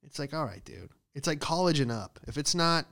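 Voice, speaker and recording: A young man telling rambling, profane comic stories in a solo monologue, with animated asides. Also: a little high, a little fast, creaky. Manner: profane, animated storytelling with loud acted outbursts.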